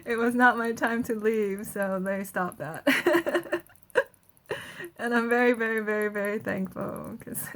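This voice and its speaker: A woman's voice: fairly high pitch, measured pace. A woman energy healer giving a casual guided healing talk, chatty and laughing often between phrases.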